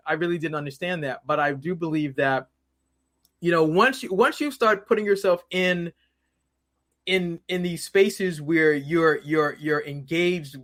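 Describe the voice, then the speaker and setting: A man with a high-pitched voice speaks as an interview guest. He talks casually and animatedly, acts out the people in his stories, and often repeats his words. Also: fairly bright tone.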